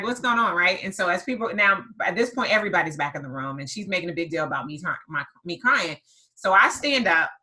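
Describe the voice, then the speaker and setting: A woman hosting a podcast and telling a story in a lively conversational way, stressing her points by repeating words. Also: on the low side, low-quality recording. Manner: emphatic, repeats words for effect. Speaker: podcast host and business coach.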